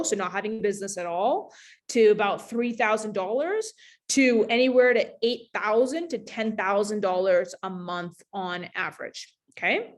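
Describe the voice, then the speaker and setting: A woman business coach giving a webinar presentation in a voice of middle pitch. She talks casually and straight to her listeners, and picks up speed when she tells a story. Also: moderate pace. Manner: casual and chatty, talking straight to the audience.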